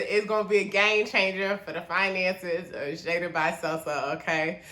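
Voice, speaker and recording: A young woman talking casually to camera about starting her small business, chatty and animated, calling her viewers y'all. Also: lowish voice, reverberant. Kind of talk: casual vlog talk to camera.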